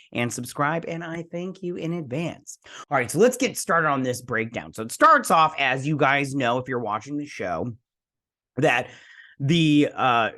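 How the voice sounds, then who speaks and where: A man's voice: mid-range voice, a bit bright. A man hosting a casual episode review, chatty and rambling, full of fillers and blunt opinions. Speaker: host.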